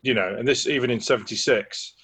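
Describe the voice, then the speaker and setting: A man's voice: mid-range voice, a little fast, a bit bright, slightly rough. A man co-hosting a casual podcast chat, rambling and repeating words as he thinks aloud. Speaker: podcast co-host. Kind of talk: casual chat about a TV play.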